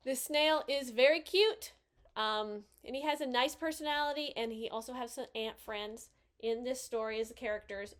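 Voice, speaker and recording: A woman hosting a casual picture book review, cheerful and gently enthusiastic as she hands out scores. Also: on the high side, clean tone.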